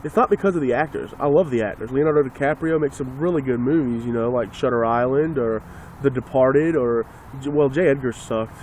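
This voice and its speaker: A man's voice: mid-range voice, brisk, darkish tone, slight background noise. A man ranting casually and sarcastically into a phone, rambling and swearing as he talks. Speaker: vlogger.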